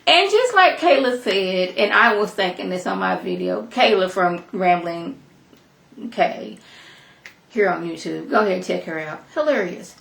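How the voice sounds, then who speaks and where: A young woman giving a sassy, chatty recap of a TV episode, full of animated asides. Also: on the low side, unhurried, vocal fry, echoey room. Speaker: TV episode reviewer. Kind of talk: casual recap commentary.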